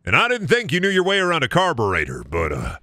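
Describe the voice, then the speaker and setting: A man voicing a folksy middle-aged father who haltingly tells his son he is proud of him. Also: a little high, wildly swooping pitch, pushed and bright, no room sound, studio quality, pitched above the performer's own voice, heavily acted. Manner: halting, gruff, hesitant.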